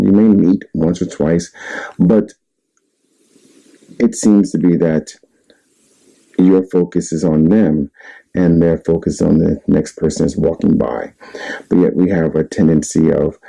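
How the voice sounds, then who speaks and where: A man's voice: very deep voice, vocal fry, warm tone, poor audio. A man giving relationship advice in a candid, rambling monologue, laughing at himself now and then. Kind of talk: casual monologue.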